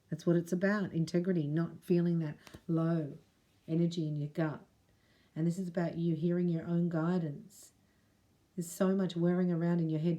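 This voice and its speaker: A middle-aged woman gives a spiritual reading to camera, her voice low and warm. She chats straight to the listener in a casual way and slips into prayers read aloud. Her tone stays mellow and soft-edged throughout. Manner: chatty, addresses the viewer directly, reads prayers aloud. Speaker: spiritual reader and Reiki teacher.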